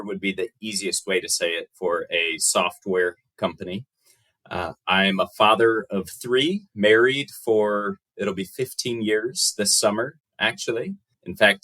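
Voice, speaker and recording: A man's voice: sits low, pushed and bright, low-quality recording. An American man in his thirties, a podcast guest talking casually with dry, self-mocking humor. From United States. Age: 30s.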